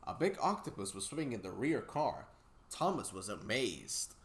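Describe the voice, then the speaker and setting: A man's voice: on the low side, very animated, moderate pace. Young man, casual reading in an echoey room. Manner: stumbling reading, restarts, casual. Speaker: let's play co-host. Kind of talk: casual read-aloud of a kids' story.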